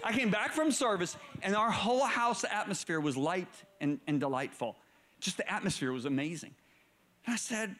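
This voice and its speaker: High-pitched preacher guy telling a story, goes quiet then gets loud and worked up. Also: moderate pace. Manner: animated, swings from low murmurs to raised excited bursts. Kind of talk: storytelling sermon.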